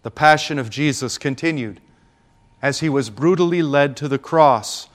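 A man preaching a Good Friday homily with solemn, deliberate delivery and dramatic pauses. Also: on the high side.

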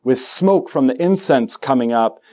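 Guy pastor preaching, lively, cracks jokes, acts out the bible bits. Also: medium pitch, normal speed. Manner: animated, joking asides, acts out quoted voices. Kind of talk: sermon.

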